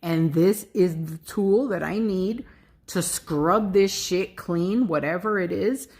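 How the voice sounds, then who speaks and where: Middle-aged woman vlogging, kinda low voice, animated, swears a lot, lots of "like". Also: slow. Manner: animated, swears freely, many fillers. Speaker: spiritual vlogger. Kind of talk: casual personal storytelling.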